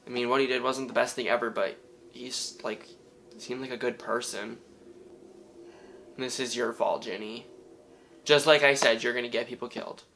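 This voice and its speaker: A man hosting a reaction video, talking back to the screen in excitable, casual commentary. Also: mid-range voice, normal speed, gravelly, long pauses, slight background noise, rough recording.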